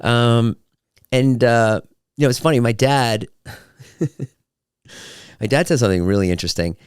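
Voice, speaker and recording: A man's voice: mid-range voice, normal speed, clear, resonant tone, no room sound, studio quality. A man hosting his own podcast, chatting casually and acting out quotes as he tells stories. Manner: animated storyteller, acts out quotes. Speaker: podcast host. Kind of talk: casual solo podcast chat.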